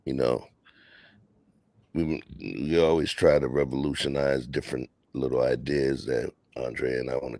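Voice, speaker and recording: A man's voice: extremely low pitch, gravelly, no echo. A man hosting a casual late-night podcast, laid-back and slangy, talking from home. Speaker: podcast host. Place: home, near a patio door.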